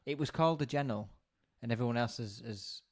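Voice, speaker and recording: A man's voice: medium pitch, a little fast. West Yorkshire man, mid-range voice, easygoing podcast co-host. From Bradford, England. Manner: jokey and easygoing, stumbles and repeats words. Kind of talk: casual chat.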